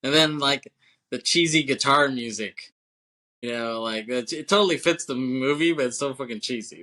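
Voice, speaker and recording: Bright-voiced laughing podcast man. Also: medium pitch, normal speed. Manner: laughs often, swears, acts out movie scenes. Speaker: podcast co-host. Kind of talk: casual movie podcast chat.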